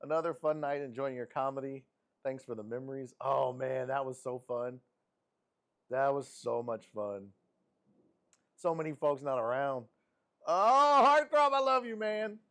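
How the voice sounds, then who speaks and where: A man hosting a sports live stream, reading viewer messages aloud in an animated, affectionate way. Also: unhurried. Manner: animated and affectionate, with frequent laughs and pitch jumps.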